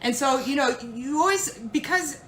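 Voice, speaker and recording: A woman jewelry consultant telling a story in a casual, animated way, acting out the people she quotes. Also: high voice, normal speed, echoey room, a little hiss or hum. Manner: animated, dramatic retelling with put-on quoted voices.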